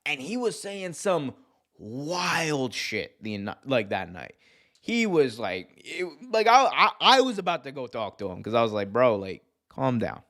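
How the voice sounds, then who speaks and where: A male host on a live wrestling stream, chatting off the cuff. His talk rambles and restarts, full of swearing and quick laughs, and his voice sits at an ordinary middle pitch. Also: big pitch swings, bright, forceful tone.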